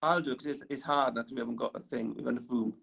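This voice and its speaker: A man's voice: mid-range voice, steady tone, racing, vocal fry, fairly bright tone, slightly rough. A male teacher giving an engineering lesson in a classroom. He talks while drawing on the board and keeps checking in with "right?" tag questions.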